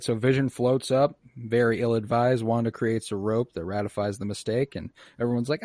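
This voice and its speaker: Male podcast host, casual and sweary, dry mic, mid pitch. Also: moderate pace, few pauses, dry recording. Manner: profane, animated retelling with quoted voices. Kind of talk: casual recap chat.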